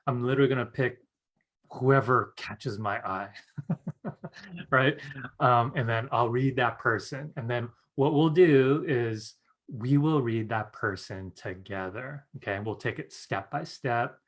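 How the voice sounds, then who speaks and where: A man with a medium-pitched voice leads a live-streamed psychic-skills class at a measured pace. Earnest and chatty, he keeps saying "you guys" and asking "right?", with frequent laughter.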